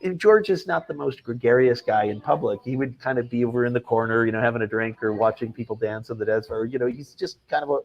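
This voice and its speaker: A male film director recounting his stories as an interview guest, voice at a middle pitch. He tells them animatedly and slips into the voices of the people he quotes. He restarts his sentences often as the story tumbles out. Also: quick pace, few pauses, dull audio.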